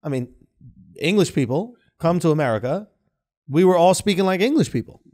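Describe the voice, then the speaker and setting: A man in his thirties from New York co-hosting a podcast, riffing and joking in an animated way. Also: fairly high pitch, a little fast. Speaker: podcast co-host. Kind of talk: casual chat.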